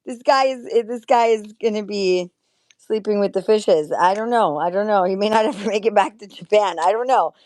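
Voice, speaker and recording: A woman hosting a casual political commentary stream, talking in an excitable, emphatic way with frequent exclamations. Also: medium pitch, normal speed. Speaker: host.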